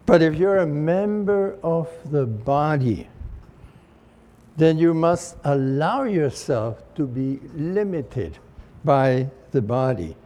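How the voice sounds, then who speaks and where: Male preacher, slow measured sermon, slightly higher voice. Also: lively intonation, mellow. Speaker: church speaker.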